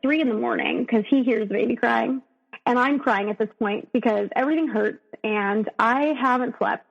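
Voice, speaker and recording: A woman's voice: on the high side, muffled recording. A woman in her thirties telling a personal story as a podcast guest, emotional and full of fillers and restarts.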